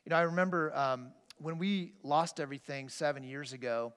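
Male pastor, high voice, earnest storytelling sermon, long church-hall reverb. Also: brisk, fairly bright tone, smooth. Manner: earnest, storytelling, frequent restarts. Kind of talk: conversational sermon with personal stories. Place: church sanctuary.

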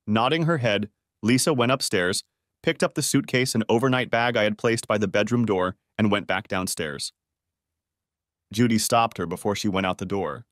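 A man narrating a first-person story in an expressive, measured audiobook reading. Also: on the low side, no echo, clean studio sound.

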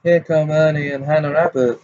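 A man reading aloud and voicing a blunt, excitable teenage boy wizard. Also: a little high, moderate pace, lo-fi sound, voice pushed up, close to an everyday voice.

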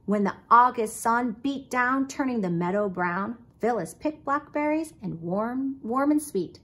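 A preschool teacher, a woman, reading a picture book aloud with expressive storytelling. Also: on the high side, unhurried, slightly rough.

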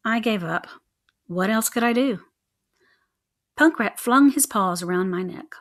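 A woman reads a children's storybook aloud, narrating in the first person with lively, expressive storytelling. Her voice sits at a middle pitch for a woman. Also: a little slow. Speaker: audiobook narrator. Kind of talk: reading a children's book aloud.

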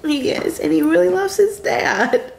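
A woman's voice: very high voice, expressive, measured pace, vocal fry, roomy sound, slight background noise. A woman, a new mother, gushing and giggling as she talks casually to the camera in a hospital room. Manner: gushing, giggly, overcome with emotion. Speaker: new mother vlogging her birth. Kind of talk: casual vlog.

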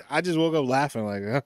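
A man's voice: fairly high pitch, dry recording. A young man streaming a shooter game, chatting casually, joking, cursing and laughing a lot as he plays. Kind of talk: casual live-stream commentary.

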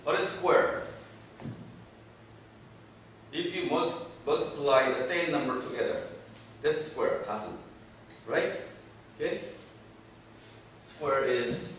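A man's voice: mid-range voice, a bit bright, far from the mic, a little hiss or hum. Man lecturing, very echoey room. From South Korea. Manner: halting, repetitive phrasing with frequent "okay?" checks. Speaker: university professor. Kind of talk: classroom lecture.

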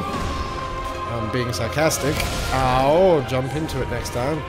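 Male gaming host, unhurried but jumpy, cursing commentary over music. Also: mid-range voice. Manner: excitable, swears often, yells at the game. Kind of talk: live gameplay commentary. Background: game music.

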